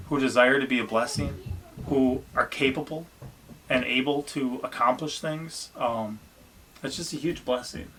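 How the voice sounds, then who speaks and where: A man's voice: medium pitch, a bit bright, a little hiss or hum. A man, a family vlogger chatting casually and encouragingly about his children. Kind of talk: casual chat.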